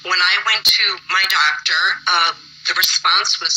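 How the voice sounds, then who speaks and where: A woman's voice: lowish voice, a little slow, pushed and bright, slight background noise, low-quality recording. A tired woman from Wisconsin giving emotional, pleading public testimony at a hearing. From Wisconsin, USA. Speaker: public commenter.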